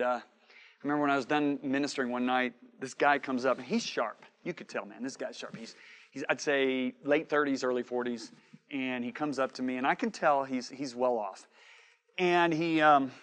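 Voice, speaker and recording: A man preaching a sermon, telling a story with quoted dialogue and swinging from shouting to hushed asides. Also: mid-range voice.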